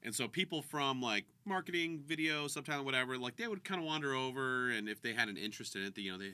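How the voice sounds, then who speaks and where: Guy cohosting a podcast, chatty storyteller, lively ups and downs in pitch, dry close sound. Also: fast talker, few pauses, smooth, dry recording. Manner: chatty, animated storytelling with quoted voices. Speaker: podcast co-host, voice actor and director. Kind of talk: casual chat.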